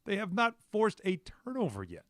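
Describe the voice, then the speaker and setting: Man, sports radio co-host, slightly high, wry, stats, dry studio sound. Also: wildly swooping pitch, dry recording. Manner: wry, quick to prod and quote stats. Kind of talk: sports talk radio chat. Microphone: studio microphone.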